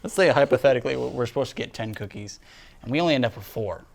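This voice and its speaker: A young man co-hosting a casual student cooking show, making joking, deadpan asides. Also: medium pitch, racing, vocal fry. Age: young adult.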